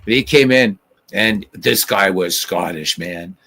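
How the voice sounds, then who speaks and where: A man's voice: deep voice, measured pace, fairly bright tone. A man hosting a podcast in casual chat, rambling and drifting off on tangents. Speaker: podcast host.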